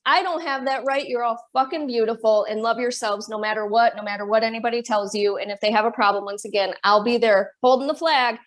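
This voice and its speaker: A woman's voice: fairly high pitch, fast talker, hardly any pauses. A woman with a Michigan accent co-hosting a spiritual podcast, talking bluntly and swearing freely in casual chat. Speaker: podcast co-host, medium.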